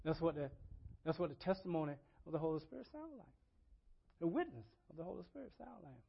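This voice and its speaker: An older male pastor delivers a sermon in a high voice, dropping to quiet asides and then rising to loud, impassioned crying out. He repeats words and phrases in a rolling preacher's cadence. The recording is dull and lo-fi. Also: lively intonation, fast, vocal fry, slightly rough.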